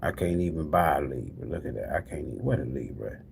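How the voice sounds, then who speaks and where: Guy with a low gravelly voice hosting a live stream, swings his pitch way up and down, keeps repeating himself to y'all. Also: very animated, fast, slight background noise. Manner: repeats the same calls over and over, chatty and informal; talks straight to the viewers as "y'all". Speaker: tarot live-stream host. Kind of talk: casual live-stream chat, giving away prizes.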